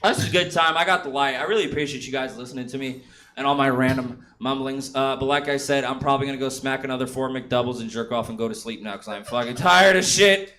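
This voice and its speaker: A man's voice: medium pitch, quick pace, pushed and bright, slight background noise. A man doing a rambling, profane stand-up set on a comedy club stage, often laughing at his own jokes. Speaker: stand-up comic.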